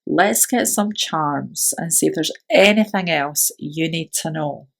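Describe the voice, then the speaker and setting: A woman's voice: deep voice, a little slow, vocal fry, slight background noise. A woman giving a pick-a-card tarot reading, speaking in a soothing, affirming way and often tagging her phrases with "right?". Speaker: tarot reader.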